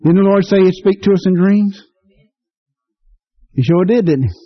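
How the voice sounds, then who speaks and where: Fervent preacher on lo-fi radio. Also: male voice, normal speed. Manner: folksy, fervent preaching with sudden rises in pitch. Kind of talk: sermon. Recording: dull lo-fi radio broadcast.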